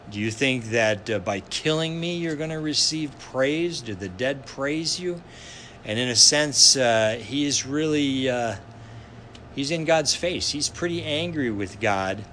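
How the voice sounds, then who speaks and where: Male pastor, very slow sermon delivery, pausing often, slight room ambience. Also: mid-range voice, a bit bright, a little hiss or hum. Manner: slow and deliberate, with frequent "uh" pauses.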